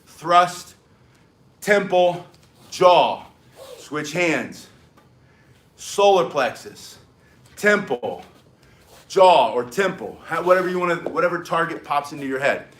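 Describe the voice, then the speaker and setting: An older American man with an excitable, energetic manner, teaching self-defense in a live-streamed martial arts lesson and barking short emphatic commands. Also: fairly high pitch, takes it slowly, pauses often. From United States. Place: home in South Florida.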